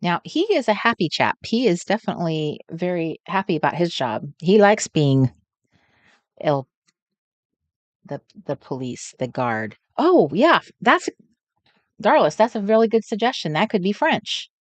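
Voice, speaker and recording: A woman hosting a live crafting stream, chatting casually, thinking out loud and greeting viewers by name. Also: fairly low pitch, sing-song, unhurried, dry recording. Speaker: crafting livestream host. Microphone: desk setup with overhead camera.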